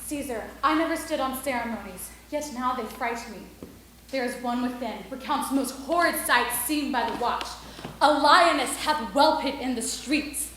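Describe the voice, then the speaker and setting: A fearful Roman wife, urgent and pleading, played by a woman in a high voice. Heavy room echo hangs over the stage recording. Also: fairly bright tone, a little hiss or hum. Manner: urgent, pleading verse delivery. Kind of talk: amateur stage Shakespeare. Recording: echoey room.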